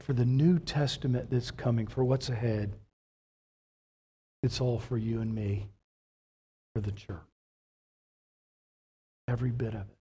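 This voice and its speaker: Slow-preaching pastor, dark husky voice. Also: male voice, mid-range voice. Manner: animated preaching with rhetorical questions, slow measured delivery. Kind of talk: sermon.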